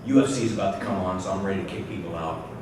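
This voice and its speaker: A man telling a profane comic story to a convention audience, animated and swearing freely while mimicking others. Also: sits low, rapid-fire. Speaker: convention panel guest. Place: large convention hall. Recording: echoey hall, distant mic, loud noise.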